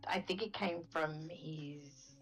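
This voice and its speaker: A woman's voice: deep voice, fairly bright tone, faint music behind. A woman in casual chat who reacts briefly and laughs readily. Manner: quick to laugh, short reactions. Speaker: co-host.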